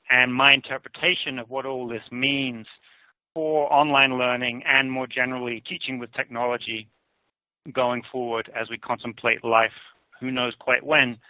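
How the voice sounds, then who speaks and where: A man's voice: mid-range voice, steady tone, no echo. Guy giving a careful talk on survey data, sounds like a phone line, dry. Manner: measured, analytical, hedges with "I would argue". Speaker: conference presenter. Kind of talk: presentation on survey findings. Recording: tinny phone-like dry audio.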